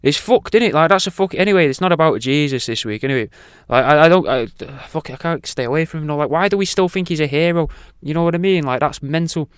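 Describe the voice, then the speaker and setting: Rambling, swearing radio host. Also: male voice, on the high side, quick pace, hardly any pauses, smooth, no echo, studio quality. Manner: rambling, swears a lot, goes off on tangents. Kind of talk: casual rambling talk show. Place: radio studio.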